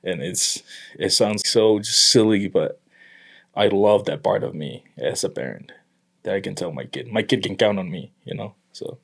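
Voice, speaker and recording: A young man from Tonga talking earnestly about his family in a conversation, with halting restarts. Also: low voice, expressive, creaky, slightly rough. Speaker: guest. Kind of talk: emotional personal conversation.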